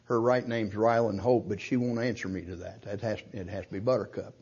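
A man's voice: fairly low pitch, steady tone, brisk, husky, muffled recording. An older man preaching a sermon, pressing his point with rhetorical questions and punching key words. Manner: emphatic, rhetorical questions, rising to loud stresses.

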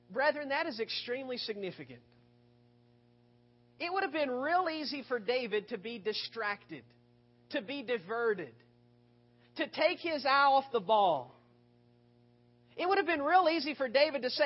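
A male preacher giving a sermon, retelling scripture with rhetorical questions and expressive storytelling. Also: extremely high pitch, measured pace, pauses often. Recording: dull lo-fi recording.

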